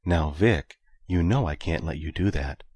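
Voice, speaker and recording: A man voicing a principled female ship computer who speaks calmly and quietly. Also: very deep voice, a little slow, husky, dry recording, full character voice. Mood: prim.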